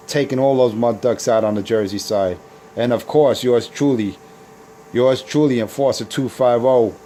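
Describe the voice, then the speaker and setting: A man's voice: medium pitch, dark tone, a little hiss or hum. A man on a CB radio taunting rival operators in a boastful, repetitive way. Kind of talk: trash-talking radio banter.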